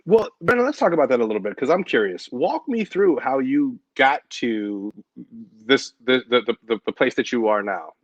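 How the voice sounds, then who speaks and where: A man's voice: medium pitch, animated, normal speed, no room sound, highs cut off. A man in casual conversation, playful and teasing as he asks questions. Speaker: guest interviewer.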